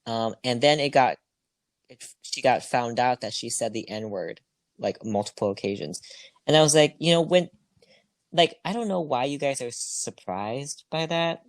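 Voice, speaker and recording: A man co-hosting a podcast in casual chat, blunt and quick to disagree. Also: medium pitch, no echo. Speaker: podcast co-host.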